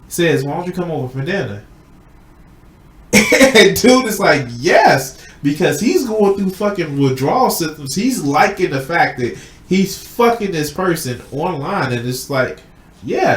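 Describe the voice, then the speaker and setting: A man's voice: a little high, a little slow, reverberant. A man hosting a casual podcast chat, retelling a film plot with lots of swearing and acted-out quotes. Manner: animated, swearing, acts out quotes. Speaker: podcast host.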